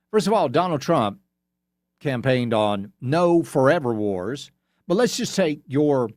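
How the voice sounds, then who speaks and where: A man's voice: medium pitch, dry recording, clean studio sound. A man hosting a political talk radio show, emphatic and sarcastic, telling stories to make his point. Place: radio studio. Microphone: studio microphone.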